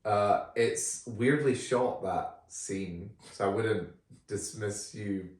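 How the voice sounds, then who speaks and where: A man co-hosting a podcast, reviewing films in a relaxed, chatty way with frequent fillers. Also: on the low side, slow pace. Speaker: podcast co-host. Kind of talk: casual film review chat. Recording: roomy, distant from the mic.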